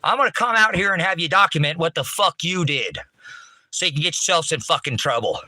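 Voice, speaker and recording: A man's voice: a little high, expressive, a little fast, bright, forceful tone, no room sound. A man who hosts an online ministry, ranting and cursing outdoors on his rural property, recorded on a handheld phone camera. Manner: heated, cursing, repetitive. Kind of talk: angry profane outdoor rant to viewers.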